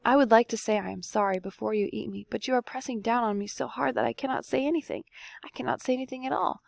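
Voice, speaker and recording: A woman voicing a small, excited male squirrel with a high, chirping voice in a read-aloud storybook. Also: fast talker, vocal fry, no room sound. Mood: pleading.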